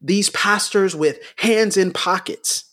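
This podcast co-host speaks slowly and at a high pitch while giving heated commentary on a talk show. He repeats himself for emphasis and swells upward until he's almost yelling.

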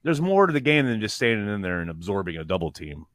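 A man co-hosting a podcast in casual sports chat, animated and swearing, with quick restarts. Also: fairly low pitch, dry recording, studio quality. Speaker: podcast co-host.

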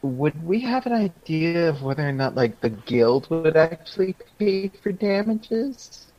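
Female player, low and lively voice, unsure, dull lo-fi recording. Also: measured pace. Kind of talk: casual tabletop game talk.

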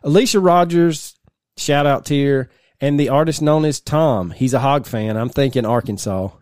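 A man's voice: medium pitch, normal speed, darkish tone, clean tone, no echo, studio quality. Laughing man co-hosting a podcast. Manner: laughs often, rambling storyteller. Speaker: podcast co-host. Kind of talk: casual podcast banter.

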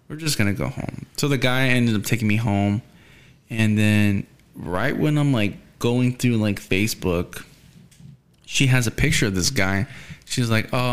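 A man's voice: on the low side, smooth. A young man in casual talk, telling a rambling story and acting out the voices of the people in it.

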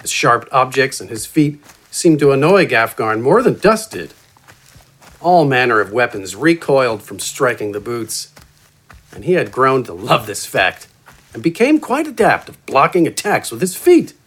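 A man narrating a fantasy story in an expressive, playful manner. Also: mid-range voice, moderate pace.

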